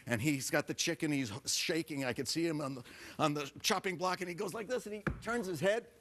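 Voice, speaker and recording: Animated male talk show guest. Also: fairly high pitch, fairly quick, slight background noise. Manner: animated storyteller.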